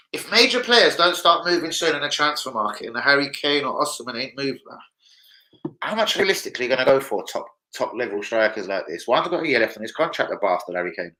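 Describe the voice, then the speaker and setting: A young man chats on a football livestream. His voice is bright and forceful. He rambles in street slang and swears freely. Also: mid-range voice, poor audio. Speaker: football channel host. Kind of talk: casual livestream chat.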